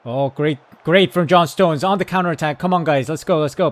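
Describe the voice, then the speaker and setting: A man giving excited live commentary on his football management game, yelling at his players, then calmly talking through tactics. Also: a little high, fairly quick, dry recording. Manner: excitable, shouts at the team, then calm tactical talk. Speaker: gaming YouTuber.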